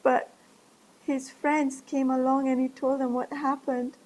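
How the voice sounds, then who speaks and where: Woman storyteller for kids, animated and interactive, high voice, slow delivery. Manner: animated, gasping, asks listeners to join in. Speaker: children's storyteller. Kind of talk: online storytelling for children.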